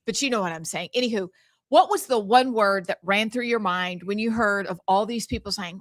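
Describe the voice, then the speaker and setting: A woman's voice: mid-range voice, fairly quick, no echo. A woman co-hosting a podcast, chatting playfully and talking to the listeners. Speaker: podcast co-host. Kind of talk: casual chat.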